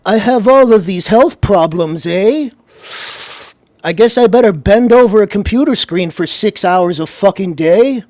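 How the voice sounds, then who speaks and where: A man putting on the voice of a whiny, self-pitying grown man who tacks "eh?" onto his complaints, at a slow pace in a dry room. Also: high voice, darkish tone, dry recording, voice pushed up. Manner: whining, ends lines with "eh?".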